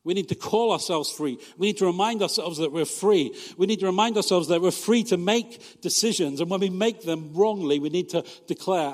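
Pastor guy preaching, kinda high voice, jokey and chatty, lots of "isn't it?" questions, big hall echo. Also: brisk. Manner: conversational and humorous, full of rhetorical questions. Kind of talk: sermon.

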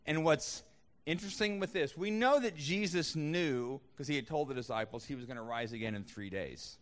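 A man's voice: a little high, moderate pace, big-room sound. A man preaching a sermon as a pastor, conversational, with frequent restarts and fillers.

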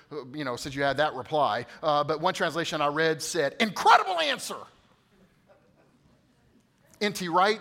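High, bright-voiced preacher man. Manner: swings from loud emphatic peaks to quiet hushed asides; addresses the congregation directly, coaxing responses. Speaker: pastor. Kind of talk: sermon.

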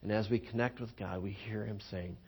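A man preaching a sermon as pastor, telling stories with lively acted-out voices and frequent chuckles. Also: lowish voice, a little fast, slightly rough. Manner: animated storytelling, acts out quoted voices, chuckles often.

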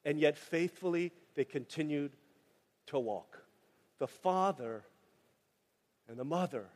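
A man with a high voice preaches a lively, joking sermon, jumping into the voices of the people he tells about. His words ring out with a long reverb, as in a church sanctuary. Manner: animated, joking asides, acts out quoted voices. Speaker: pastor.

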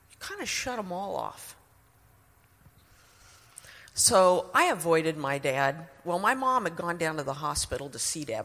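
A woman's voice: sits low, sharp tone, big-room sound. A middle-aged woman sharing a personal testimony in an earnest, emotional way.

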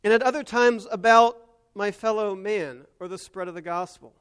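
A man preaching an earnest sermon, moving between hushed and emphatic delivery. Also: high-pitched, normal speed, smooth. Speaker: pastor.

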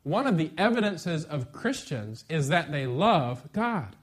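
A middle-aged man preaching a sermon as pastor, lively and conversational, with sudden bursts of emphasis. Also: fairly high pitch, a little slow.

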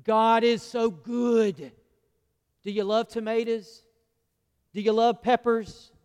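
Pastor, folksy sermon style with questions to the pews, smooth resonant voice. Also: male voice, very high voice, flat delivery, slow, a little mellow. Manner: folksy, asks the congregation questions. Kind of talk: conversational sermon. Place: church sanctuary. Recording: long church hall reverb.

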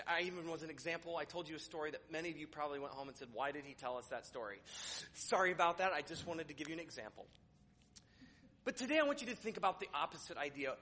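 A man's voice: sits high, bright, forceful tone, slightly rough. A man preaching a sermon in church, talking in a conversational way with dry sarcastic humor and many restarts. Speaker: pastor.

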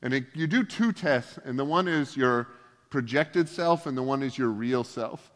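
Man, pastor, casual sermon, self-deprecating humor, mid pitch, long hall reverb. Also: expressive, moderate pace. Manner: joking, self-deprecating asides.

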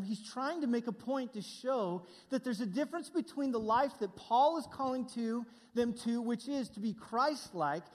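A man's voice: extremely high pitch, big-room sound. A middle-aged male pastor preaching a sermon in a conversational way, with asides to the congregation.

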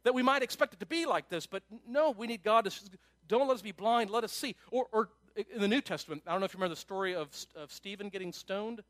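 A man pastor preaching a sermon in an animated, conversational way, with asides to his listeners. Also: high-pitched, quick pace, hardly any pauses, no echo.

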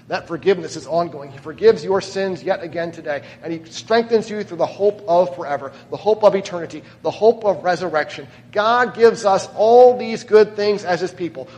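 A man's voice: high-pitched, darkish tone, in a large hall. A man preaching a sermon as pastor, conversational and often putting questions to the congregation. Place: church.

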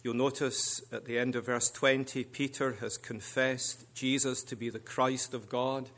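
A man preaching as a guest minister, speaking in measured, deliberate short phrases. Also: medium pitch, flat delivery, a bit bright. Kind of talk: sermon.

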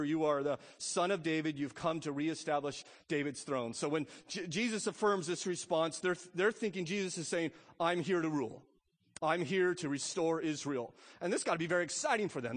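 A pastor preaching a sermon, emphatic, swelling loud and then dropping to a hush. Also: male voice, on the high side. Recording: long reverb of a church hall.

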